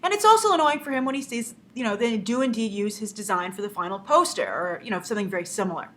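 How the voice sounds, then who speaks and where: A woman hosting movie news, telling a story in a lively, chatty way and acting out the people she quotes. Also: mid-range voice, fast. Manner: animated storyteller who acts out quotes. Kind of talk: casual news commentary.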